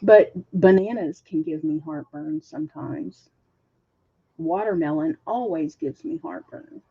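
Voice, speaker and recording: A woman hosting a casual livestream, reading viewer comments aloud and chatting with a husky voice. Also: low-pitched, measured pace. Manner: chatty, laughs often, reads chat aloud. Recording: dull lo-fi stream audio.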